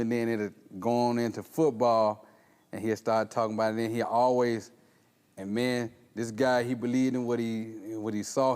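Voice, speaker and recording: A man's voice: mid-range voice, darkish tone, clean tone. A man with a mid-range voice recalls his playing days at a reunion. His telling is loose and rambling, with amusement breaking through. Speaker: former player. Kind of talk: casual reunion storytelling.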